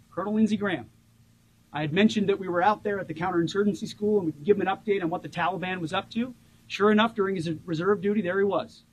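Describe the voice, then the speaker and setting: A man in his forties giving a rousing ceremonial tribute speech as a government official, stressing key words by slowing down. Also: on the high side, slightly rough, low-quality recording.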